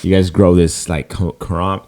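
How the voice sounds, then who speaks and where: Low-voiced rambling man chatting casually. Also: flat delivery, moderate pace, darkish tone. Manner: rambling, searches for words, swears casually. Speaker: podcast co-host. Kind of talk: casual chat.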